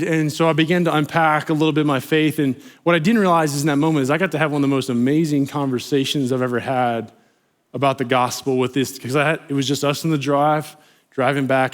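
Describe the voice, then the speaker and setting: Animated young male pastor telling stories. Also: fairly high pitch. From United States. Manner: animated, acts out quoted voices, many fillers like "you know". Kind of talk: storytelling sermon.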